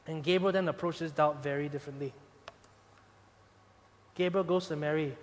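A male pastor delivers an emphatic sermon in a notably high voice. His points build to loud peaks before dropping to hushed, gentle stretches. The sound rings with the long reverb of a large hall. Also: steady tone, moderate pace, long pauses, slight background noise. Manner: emphatic preaching, rises loud then drops soft.

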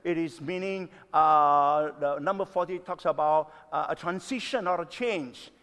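A pastor in his sixties preaching a sermon, emphatic, stretching key words slowly and swinging between loud and soft. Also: on the high side. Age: 60s. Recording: long reverb of a hall.

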